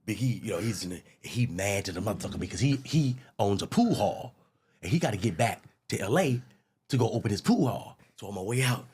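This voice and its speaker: A man's voice: on the low side, brisk, slightly rough. A man telling a long comic story in a casual chat, acting out the other people in it. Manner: lively, acts out other people's lines. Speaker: guest storyteller.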